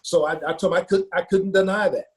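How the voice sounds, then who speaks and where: An Ohio football coach tells a personal story earnestly but haltingly, full of fillers and repeated words. His voice is high-pitched with fairly even intonation.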